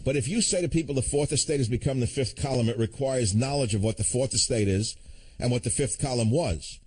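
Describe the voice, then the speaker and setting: A male radio host takes calls and comments on them in a combative, sardonic tone. He often breaks into chuckling asides. His voice sits at an average pitch for a man. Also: brisk, a little mellow, breathy edge. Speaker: radio talk show host. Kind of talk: call-in talk radio.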